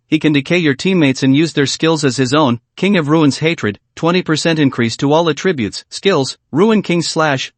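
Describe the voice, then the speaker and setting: A man giving a steady, scripted narration of a comic recap. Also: on the high side, dry recording. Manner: steady, even read with no fillers.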